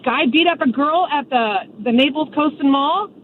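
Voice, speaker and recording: A woman's voice: high voice, moderate pace, a little hiss or hum. Upset woman caller on a tinny phone line. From Pennsylvania. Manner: insistent, upset, listing grievances.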